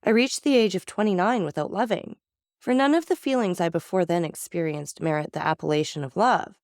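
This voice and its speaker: A woman's voice: lowish voice, a little fast, darkish tone, no room sound, clean studio sound, close to an everyday voice. A woman voicing a young man in despairing grief in a storybook reading, her delivery anguished and pleading.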